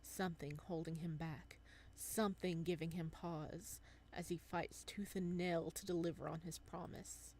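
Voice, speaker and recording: A woman reading a visual novel aloud as she plays, with giggly, excited reactions between passages. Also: lowish voice, measured pace, slight background noise. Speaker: gamer.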